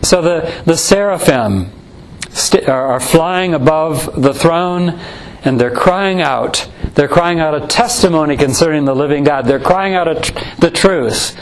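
A man preaching a measured expository sermon, slowing down to intone scripture verses. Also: on the high side, lively intonation, poor audio.

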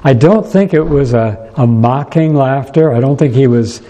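A man preaching a sermon in a church, unhurried and thoughtful, pausing often and restarting his sentences. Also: medium pitch, dark tone, poor audio.

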